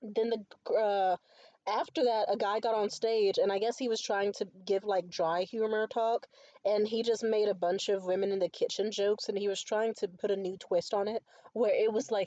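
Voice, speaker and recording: A woman's voice: mid-range voice, steady tone, moderate pace, dark tone, no echo. A tired young woman ranting in a casual monologue, profane, exasperated and rambling. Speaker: stand-up comedian. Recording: muffled lo-fi recording.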